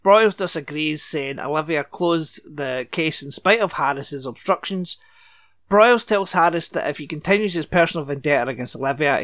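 A man's voice: a little high, fairly bright tone, no echo, studio quality. A man hosting a podcast, recapping a TV episode in casual chat with sarcastic asides and casual swearing.

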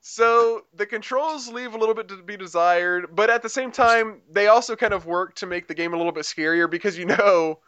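A man with a fairly high, smooth and resonant voice talks through a game in loose, rambling casual chat, full of fillers and restarts. The recording is dull and lo-fi. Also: fairly quick, hardly any pauses, fairly bright tone. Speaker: podcast co-host reviewing a game.

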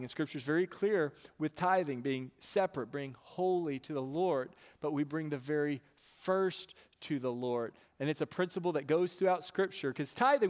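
A man preaching a sermon as a pastor, emphatic and given to repeating words and asking "right?" of his listeners. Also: a little high.

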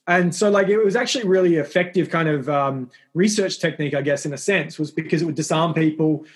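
A man's voice: fairly high pitch, a little fast, hardly any pauses. A middle-aged Australian man with an Australian accent, a guest telling stories in a rambling, self-deprecating, casual way. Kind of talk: casual interview conversation.

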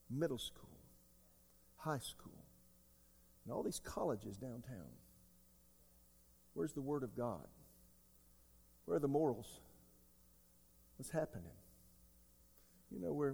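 A man in his sixties preaching a sermon as pastor, emphatic, jumping between loud outbursts and quiet asides. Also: medium pitch, vocal fry. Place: church sanctuary. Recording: long hall reverb.

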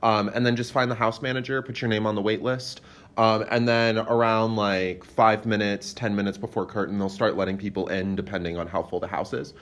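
A young man with a lowish voice is a guest on a podcast. He talks loosely and rambles, filling his sentences with "like" and "um" as he explains things. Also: flat delivery, fairly quick, a bit bright. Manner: rambling, many fillers, lots of "like". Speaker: playwright guest. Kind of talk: casual interview chat.

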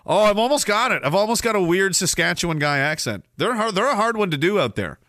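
A man's voice: sits high, expressive, fast talker, pushed and bright, no echo, clean studio sound. A man hosting a podcast, ranting comically and profanely while reading chat, often slipping into mocking voices. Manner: profane, mocking, slips into silly put-on voices. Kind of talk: ranting comedic monologue.

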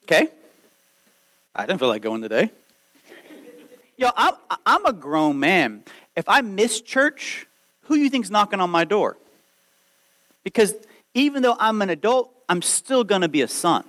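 A man in his late thirties preaching a sermon, lively and conversational, acting out quoted voices as he goes. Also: high-pitched, a little slow, poor audio. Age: 30s. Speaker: pastor.

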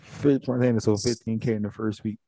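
Laid-back young man, low and mellow. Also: flat delivery, a little fast, dry recording, studio quality. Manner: laid-back, slangy, drops to mumbles. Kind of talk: casual chat.

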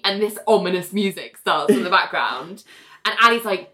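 A woman's voice: medium pitch, sing-song, moderate pace, sharp tone, echoey room. A woman co-hosting a podcast, casually recapping a TV episode and acting out the characters' lines. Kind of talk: casual chat.

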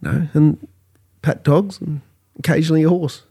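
A man's voice: a little high, normal speed, vocal fry, slightly rough. Laughing Australian man telling yarns. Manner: animated storyteller, laughs often, coarse language. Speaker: podcast co-host. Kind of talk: casual chat.

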